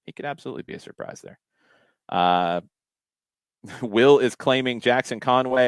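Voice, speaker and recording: On his casual soccer podcast, this male host speaks at normal speed in a smooth, mid-range voice, pausing often. He reads out listener questions and mulls them over aloud, full of restarts and fillers, with no room sound.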